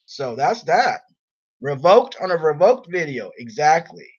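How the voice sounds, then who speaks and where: A man's voice: fairly high pitch, sing-song, unhurried, slightly rough. A man on a live stream who talks bluntly and with irritation, reading viewer comments aloud. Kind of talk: casual live stream chat. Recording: dull lo-fi stream audio.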